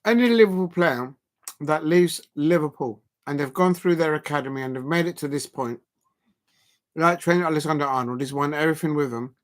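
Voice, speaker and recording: A man hosting a live football watch-along, talking haltingly with fillers and breaking into loud emphatic outbursts at the action. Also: on the high side. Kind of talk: live match reaction commentary.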